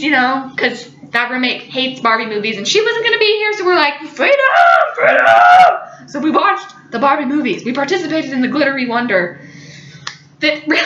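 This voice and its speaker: Young woman spinning a dramatic funny story, super high bright voice, echoey room, kinda dull sound. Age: young adult. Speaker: college student. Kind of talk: storytelling vlog.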